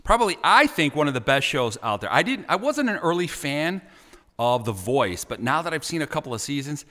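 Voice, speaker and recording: A man's voice: on the high side, big pitch swings, a little fast, big-room sound. A man hosting a live show from Chicago, teasing his guest in a playful, jokey way. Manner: playful teasing, big swings in loudness. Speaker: radio show host. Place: studio in Chicago.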